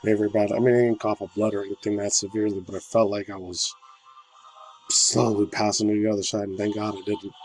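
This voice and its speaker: Hoarse, flat-voiced man vlogging. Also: fairly low pitch, fairly quick, soft background music, poor audio. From United States. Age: 30s. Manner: rambling, fillers, loose slangy talk. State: hoarse from a sore throat. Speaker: gaming news channel host. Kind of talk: casual rambling vlog chat.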